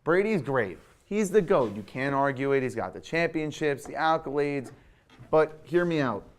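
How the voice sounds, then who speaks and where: A young adult man hosting a sports show, giving an animated, opinionated recap with hot takes. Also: on the high side, moderate pace.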